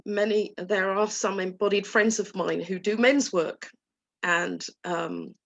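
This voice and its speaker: Slow, gentle woman coach. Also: mid-range voice, fairly even intonation, gravelly. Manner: gentle, slow and soothing, acting out inner dialogue in a soft voice. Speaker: guest coach. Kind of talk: talk to a live online group.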